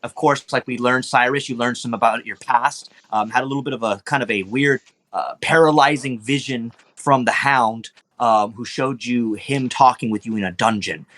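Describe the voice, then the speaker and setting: A man's voice: mid-range voice, normal speed, a bit bright. Casual swearing man running a tabletop game. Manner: casual, loose, swearing, lots of ums. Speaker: dungeon master. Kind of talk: recapping a tabletop game for players.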